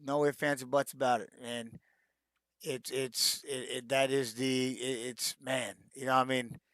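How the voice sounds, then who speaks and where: A man's voice: medium pitch, little pitch movement, unhurried, fairly bright tone, dry recording. Dry, rambling middle-aged man. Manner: rambling, with many restarts and "man, you know" fillers. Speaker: retired fighter answering fan questions. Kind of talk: casual live-stream Q&A.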